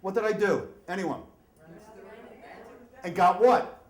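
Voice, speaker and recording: A middle-aged man telling a story live on stage, acting out shouts and voices as he goes. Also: high voice, slow. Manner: animated, acts out shouts and voices. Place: storytelling event venue. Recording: echoey room, faint ambience.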